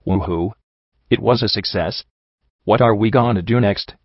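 A man's voice: on the low side, no echo. Man doing an eager, jumpy young colt. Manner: excited, rapid questions. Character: excitable young colt sidekick, eager and nervous. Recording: dull lo-fi recording.

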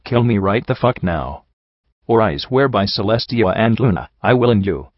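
A man's voice: on the low side, animated, no echo. Man voicing a desperate, sobbing young stallion. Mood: broken. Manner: soft, rushed, sobbing pleas. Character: grieving young male pony prisoner, desperate. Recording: dull dry recording.

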